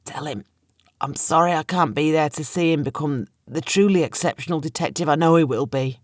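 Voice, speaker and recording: A woman's voice: low-pitched, a little fast, dry recording, studio quality, lightly acted. A woman voicing a middle-aged male police chief, strained and heavy with emotion. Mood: desperate.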